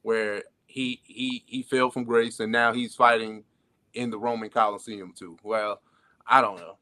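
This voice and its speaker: A man's voice: lowish voice, little pitch movement, measured pace, pushed and bright, no echo. A man co-hosting a podcast, riffing in a loose, chatty, profane way about movies and TV. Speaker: podcast co-host. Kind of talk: casual pop-culture chat.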